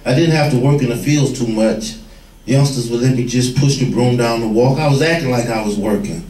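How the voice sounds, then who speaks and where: A former gang leader telling street stories to young people, vivid and plain-spoken. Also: male voice, medium pitch, brisk, a little mellow. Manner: vivid storyteller, acts out quoted voices. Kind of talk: storytelling talk to a room. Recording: echoey room, far from the mic.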